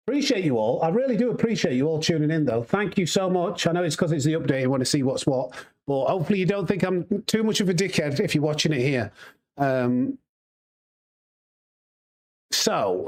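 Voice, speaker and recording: A man with a Yorkshire accent, a sim racing streamer chatting casually and rambling to his live chat while he plays. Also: a little high. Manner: chatty, rambling, laughs easily.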